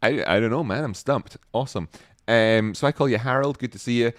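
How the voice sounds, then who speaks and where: A man hosting a livestream, chatting casually and reading out viewer comments with jokes and sudden excited exclamations. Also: medium pitch, brisk, no room sound, studio quality. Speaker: livestream host.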